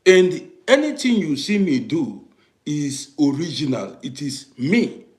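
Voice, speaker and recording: Livestream host, a man with an African English accent, emphatic and repetitive, with a slightly high voice that swings widely. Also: very animated, slow pace, reverberant. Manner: emphatic, repeats "do you understand me", swings from quiet to loud bursts. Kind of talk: live-streamed commentary to viewers.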